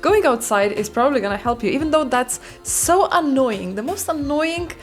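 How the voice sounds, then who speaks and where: A woman's voice: sits high, expressive, normal speed, soft background music. A woman vlogging about her bullet journal in rambling, self-deprecating casual chat, speaking English as a non-native speaker. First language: not English. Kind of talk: casual chatty vlog.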